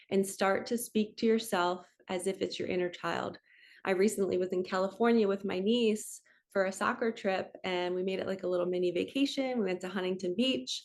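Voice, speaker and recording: A woman in her forties, a spiritual coach, talking gently and reflectively to her viewers in a casual, chatty way. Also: medium pitch. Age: 40s.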